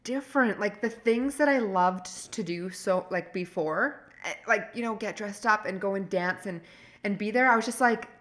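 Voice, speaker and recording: A woman co-hosts a casual podcast, her voice bright and forward. She tells stories in an animated, rambling way, circling back and restarting her sentences as she goes. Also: medium pitch, moderate pace. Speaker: podcast co-host. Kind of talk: casual chat.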